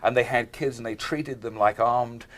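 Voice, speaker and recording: A man's voice: medium pitch, steady tone, moderate pace, a bit bright. A man hosting a talk show, chatting and asking questions, laughing often. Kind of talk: casual chat.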